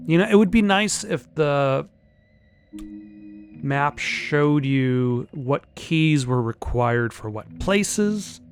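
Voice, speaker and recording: A man giving casual gameplay commentary, wry and self-mocking. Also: mid-range voice. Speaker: let's play host.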